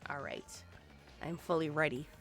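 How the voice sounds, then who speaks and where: A woman's voice: deep voice, normal speed, no echo, faint music behind. A woman streaming a game, chatting casually and playfully, humming and singing little snippets as she plays. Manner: animated and playful, hums and sings snippets. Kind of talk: casual live-stream chat while gaming.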